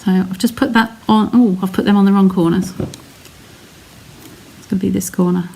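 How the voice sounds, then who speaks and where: A woman's voice: medium pitch, fairly even intonation, moderate pace, gravelly, mellow. English lady doing a live craft demo, chatty, talks you through every step, bit of faint hiss. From England. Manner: chatty, narrates each step while reading live comments. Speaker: craft demonstrator. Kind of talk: live card-making demonstration.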